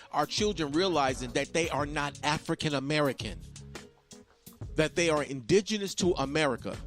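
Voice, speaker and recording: A man hosting a podcast, talking in an emphatic, repetitive monologue and preaching to his listeners. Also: on the high side. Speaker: podcast host. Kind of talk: casual monologue.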